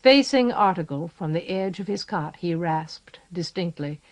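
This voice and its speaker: A woman reading a fantasy novel aloud as a steady, measured audiobook narrator. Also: fairly low pitch. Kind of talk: scripted narration. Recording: 1980s cassette audiobook.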